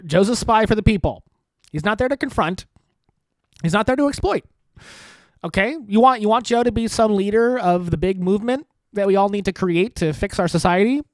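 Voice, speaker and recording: Crude, sarcastic man with a high voice. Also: no room sound. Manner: profane, sarcastic, laughs often, puts on mocking voices in quotes. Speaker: podcast host. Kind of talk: crude rambling political commentary.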